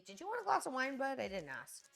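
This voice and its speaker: A woman's voice: high voice, wildly swooping pitch, fast, creaky, fairly bright tone, faint music behind. A woman hosting a casual cooking livestream, chatting straight to her viewers.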